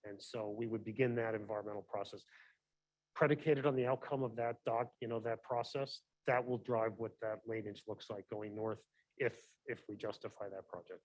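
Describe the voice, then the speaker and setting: A man's voice: lowish voice, fairly even intonation, fairly quick, a little mellow, no room sound, low-quality recording. A man, a transportation director, answering a council question with some ums and restarts. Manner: explains with fillers and restarts. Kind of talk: answering questions at public meeting. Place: council meeting room.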